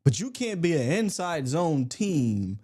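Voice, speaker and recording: A man's voice: a little high, big pitch swings, measured pace, darkish tone. A man hosting a casual sports podcast, talking in a loose, joking way and often repeating words. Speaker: podcast host. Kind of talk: casual sports chat and sponsor read.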